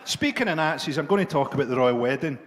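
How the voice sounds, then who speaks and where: Sardonic comedian, high voice. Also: male voice, animated, fast, heavy background noise. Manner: dark, sardonic, swearing. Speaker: stand-up comedian. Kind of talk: stand-up comedy set.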